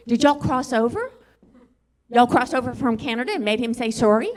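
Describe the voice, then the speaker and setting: A woman's voice: on the high side, expressive, normal speed. Rambling woman doing stand-up. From Southwest Louisiana. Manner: rambling, self-deprecating, chatty with the crowd. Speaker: stand-up comedian. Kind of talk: stand-up comedy set. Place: comedy club stage.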